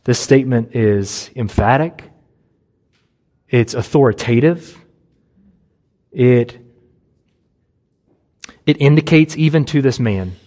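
A man preaching a sermon, earnest and emphatic, with long pauses and a low, soft voice for Jesus' words.

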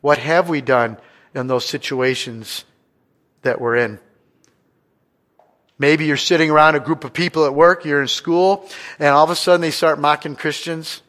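A man preaching a sermon as pastor. He asks the congregation questions and swings between loud stretches and hushed ones. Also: on the high side, steady tone, normal speed, long pauses.

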